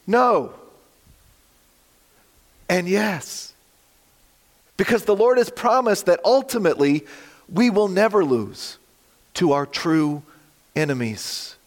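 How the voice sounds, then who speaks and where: A man preaching a sermon with a slightly croaky voice, earnest and emphatic, slowing for dramatic drops. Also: high voice, expressive. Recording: long hall reverb.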